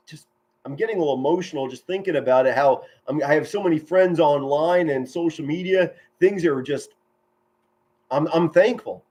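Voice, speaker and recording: A middle-aged man giving excited live football play-by-play from home, shouting big plays and chatting warmly with his viewers. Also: a little high. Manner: enthusiastic, yells touchdown calls, chatty and sentimental with viewers. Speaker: amateur play-by-play commentator streaming live.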